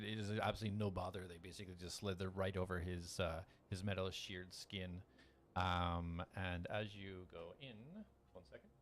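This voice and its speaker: A man acting as game master and live-stream host, chatting casually and laughing often as he greets viewers. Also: fairly low pitch.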